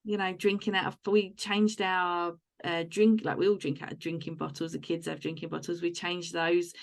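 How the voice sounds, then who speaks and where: A woman's voice: on the low side, flat delivery, moderate pace, creaky. A woman hosting a podcast in casual chat, telling rambling anecdotes about home life. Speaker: podcast host.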